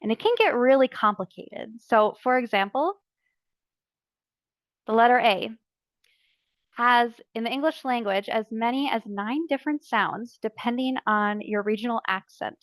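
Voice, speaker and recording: A woman presenting a training session for early childhood educators, explaining letters and sounds clearly and deliberately. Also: on the high side, no room sound. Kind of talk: instructional narration.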